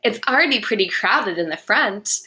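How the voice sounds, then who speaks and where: A woman's voice: mid-range voice, animated, normal speed, bright, forceful tone. A woman voicing a confident, somewhat bossy teenage girl who plays in the band. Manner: reassuring, sing-song at times.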